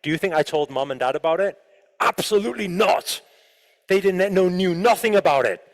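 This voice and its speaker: A man giving an animated motivational talk to a live audience, often asking the listeners questions. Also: sits high, fairly quick. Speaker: motivational speaker. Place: large room with an audience. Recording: long hall reverb.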